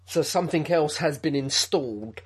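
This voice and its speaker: Male podcast co-host, husky, higher-pitched, chatty commentary. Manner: chatty, quick to agree, laughs often. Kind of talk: casual commentary chat.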